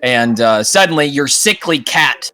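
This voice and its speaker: A young man acting as game master, narrating a tabletop game in a casual, halting way. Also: medium pitch, expressive, pushed and bright, poor audio.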